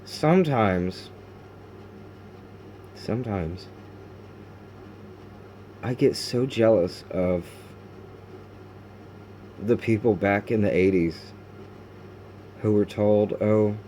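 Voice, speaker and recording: A man talks into his camera at home in a confessional diary, his voice mellow and dark rather than bright. He speaks haltingly, restarting his sentences often, with frustration that breaks out now and then in cursing. A faint hum sits behind him. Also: on the low side. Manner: halting and raw, with frequent restarts and fillers. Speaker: video diarist.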